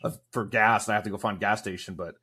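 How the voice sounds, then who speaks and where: A man co-hosting a casual sports podcast, dropping quick wry interjections. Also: lowish voice, steady tone, pushed and bright, husky. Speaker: podcast co-host.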